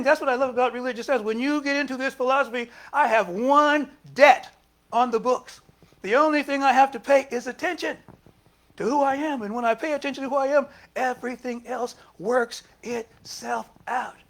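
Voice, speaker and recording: High-voiced man preaching a lively sermon. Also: fairly quick. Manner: lively, talks back and forth with the congregation. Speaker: minister. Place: church service.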